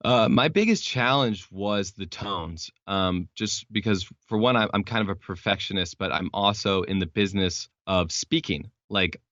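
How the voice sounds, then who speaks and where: A young man from Texas with a very low voice talks as a podcast guest, circling through his points with plenty of "uh" and "like" and many restarts. The sound is close and dry, and the lo-fi recording makes it a bit dull. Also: moderate pace, hardly any pauses, fairly bright tone, no room sound. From Texas, United States. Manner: rambling, explanatory, many fillers and restarts. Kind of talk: casual interview chat.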